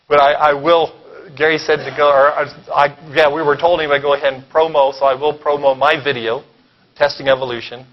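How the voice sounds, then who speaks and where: A man giving a keynote lecture at a conference, animated and sarcastic, often pausing to check in with the audience. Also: a little high. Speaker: keynote speaker. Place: conference hall. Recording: dull lo-fi recording.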